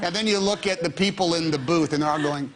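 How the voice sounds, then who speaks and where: A man telling a lively story as a talk show guest, in a drawn-out way. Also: a little high. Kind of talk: animated anecdote on a talk show. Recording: studio audience and room noise.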